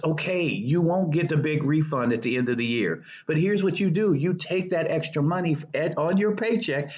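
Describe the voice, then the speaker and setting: Male finance host, slightly higher voice, emphatic and repetitive, casual to-camera advice, lo-fi sound. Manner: emphatic, repeats key points, lively swings between high stresses and low asides. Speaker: personal finance show host. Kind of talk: casual direct-to-viewer advice talk. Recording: dull lo-fi recording.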